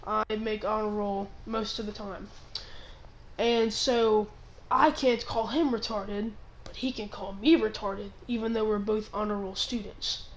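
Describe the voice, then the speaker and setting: A teenage girl ranting on her own channel, rambling and halting with many restarts, sounding indignant. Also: medium pitch, fairly even intonation, poor audio. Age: teens. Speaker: channel owner. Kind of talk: ranting vlog.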